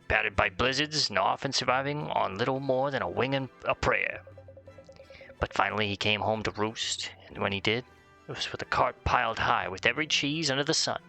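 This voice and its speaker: A man's voice: fairly low pitch, gravelly, pushed and bright. Man doing a squawky, storytelling bird merchant for a game playthrough. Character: chatty bird-like desert equipment merchant. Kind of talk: let's play voice acting.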